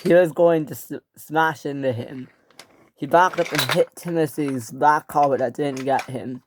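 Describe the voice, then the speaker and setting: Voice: measured pace, noisy background. A storyteller narrating a toy train story with many restarts and self-corrections. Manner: acts out each character's lines in higher, louder voices.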